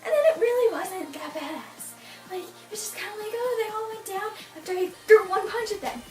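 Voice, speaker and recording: Teen girl vlogger, high voice, exasperated rant about a book, recorded far off in an echoey room with faint music under. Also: brisk. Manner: exasperated, ranting, mocking voices. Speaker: book reviewer. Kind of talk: casual book review.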